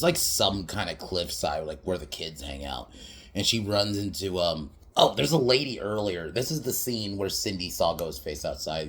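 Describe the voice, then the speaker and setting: Dude with a lowish voice rambling through a movie recap, cussing and laughing, super casual. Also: male voice, fairly bright tone. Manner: rambling, laughs often, swears, quotes scenes in mocking voices. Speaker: podcast host reviewing a movie.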